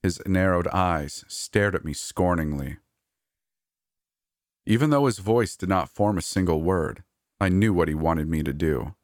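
In a very low, deep voice, a man narrates a serialized first-person story at a measured, even pace. The recording is dry, without room echo.

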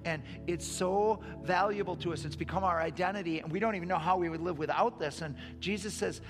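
A pastor closing his sermon in prayer, his voice sitting a little high for a man. He drops to hushed, tender tones, then rises to loud, commanding declarations. Worship music plays clearly underneath. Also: fairly quick, hardly any pauses, in a large hall. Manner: shifts between hushed prayer and loud proclamation. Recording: live sermon with music behind. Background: soft worship music.

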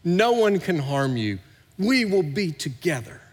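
A middle-aged pastor preaching a sermon, swinging between hushed and loud, recorded in a large church hall. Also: male voice, on the high side, big pitch swings, a little slow, slightly rough. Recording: long hall reverb.

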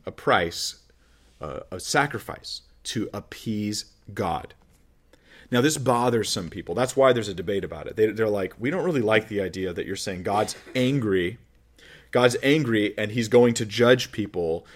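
A man's voice: lowish voice, moderate pace. A male pastor giving a conversational sermon with joking asides, acting out the voices he quotes.

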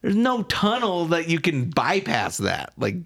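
A man co-hosting a podcast in casual chat, lively and quick to push his voice up when he argues or gets excited. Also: gravelly. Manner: animated, jumps pitch up when excited or arguing. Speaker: podcast co-host.

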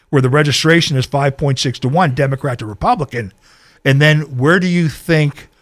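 Man, passionate political talk, ranting to viewers, mid-pitched voice. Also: a bit bright. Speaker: local party official.

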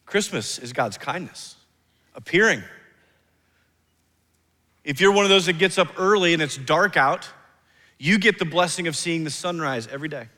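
A man in his thirties preaching a sermon as pastor, emphatic, slowing down and dropping soft on key phrases. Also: a little high. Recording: long reverb of a large hall.

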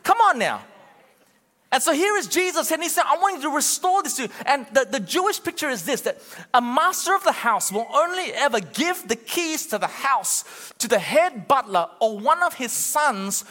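Bright, high male preacher, animated and urgent, long hall echo. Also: normal speed. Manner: animated, urging the crowd, acts out quotes. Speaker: pastor. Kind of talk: sermon.

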